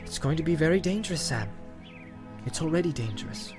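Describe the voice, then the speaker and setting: A man reading aloud and voicing a troubled, resolute young male hobbit who talks earnestly and turns sharp when pestered. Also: a little high, lively intonation, a little fast, over music, pitched above the performer's own voice, close to an everyday voice.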